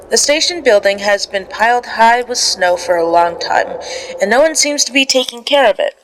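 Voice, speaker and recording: A woman's voice: on the high side, lively intonation, moderate pace, a little hiss or hum, poor audio. A woman reading a story game aloud in a sleepy way, stumbling over words, correcting herself and breaking off for casual asides.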